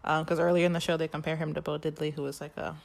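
A podcast co-host with a deep, creaky voice talks very fast in a flat delivery. She's in a casual chat recapping a musical, animatedly retelling the story and acting out the quoted lines.

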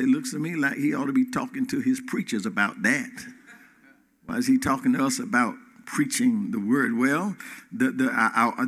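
A man preaching a sermon in a church, swinging between loud rises and quiet drops and calling out to the congregation. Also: medium pitch. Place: church hall. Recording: reverberant hall.

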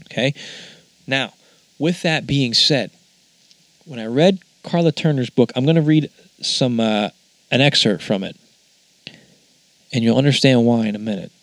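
A man talks through his thoughts in a loose, conversational monologue, drifting off track and circling back. His voice sits at a middling pitch. The sound is dry and close, with no room echo. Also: measured pace, pauses often. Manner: musing, conversational, wanders off track. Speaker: podcast host. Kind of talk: casual spoken monologue.

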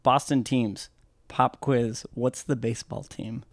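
A man's voice: mid-range voice, fairly even intonation, measured pace, gravelly, dry recording. A man co-hosting a casual chat, teasing in a dry, wry way. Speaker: podcast co-host.

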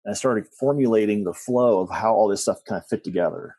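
A man's voice: on the low side, fairly quick, warm tone, slightly rough, no echo. A middle-aged man telling personal stories as a guest, rambling with restarts and asides. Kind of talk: personal storytelling in conversation.

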